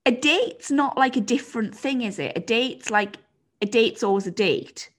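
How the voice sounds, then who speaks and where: A woman's voice: fairly high pitch, expressive, normal speed. A woman hosting a podcast in casual chat, laid-back and teasing, laughing often and passing on listener messages. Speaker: podcast host.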